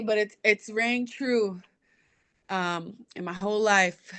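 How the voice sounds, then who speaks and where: Woman coach, interview guest; bright, tense tone, earnest and reflective. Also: medium pitch, steady tone, normal speed, no room sound. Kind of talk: heartfelt interview answers.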